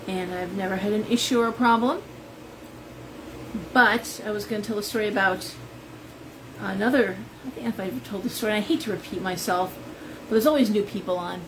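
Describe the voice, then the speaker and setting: A woman's voice: mid-range voice, brisk, background noise. Chatty woman telling stories on a live stream. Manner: chatty, rambling storyteller. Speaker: shop owner and tarot reader. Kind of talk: live-stream chat with viewers.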